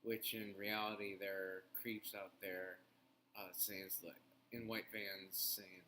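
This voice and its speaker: A man's voice: on the low side, fairly even intonation, bright, forceful tone, a little hiss or hum. A man co-hosting a casual talk show, speaking hesitantly with lots of fillers. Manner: hesitant, halting, with many fillers. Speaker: podcast co-host. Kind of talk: casual chat.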